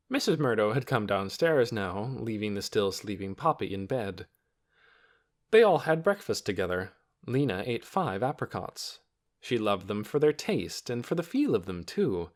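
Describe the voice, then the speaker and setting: A man narrating a children's novel audiobook in an expressive storytelling manner. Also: lowish voice. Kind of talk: scripted narration.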